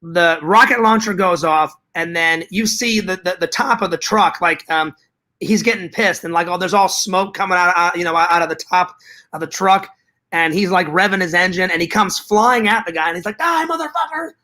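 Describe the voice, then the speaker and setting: A man's voice: high voice, moderate pace, bright, forceful tone. A man hosting a casual livestream chat, reading viewer comments aloud and rambling, repeating himself and swearing freely.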